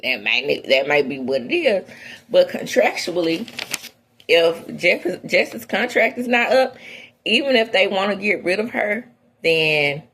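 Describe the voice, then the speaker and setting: A woman hosting an entertainment gossip show, giving her opinions in casual, outspoken commentary that swings from low asides to high exclamations. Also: a bit bright, breathy edge.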